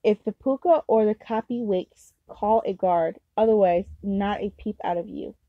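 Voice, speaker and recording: A woman's voice: mid-range voice, normal speed, no room sound, narrow, tinny audio, lightly acted. A woman voicing a stern, bossy old market woman in a storybook reading, curt and commanding.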